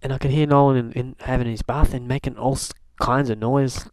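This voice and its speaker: A young man from Canada talks through his day in a loose, meandering way, circling back with fillers and restarts as he tells the story with a wry edge. His voice sits at an ordinary middle pitch and the recording is close and dry, with no room around it. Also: fairly even intonation, brisk, darkish tone, no echo. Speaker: video blogger. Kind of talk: casual rambling diary talk.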